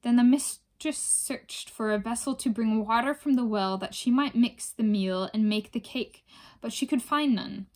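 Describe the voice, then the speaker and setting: A woman reading a folk tale aloud in a measured storytelling manner. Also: on the high side, a little mellow. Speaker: reader.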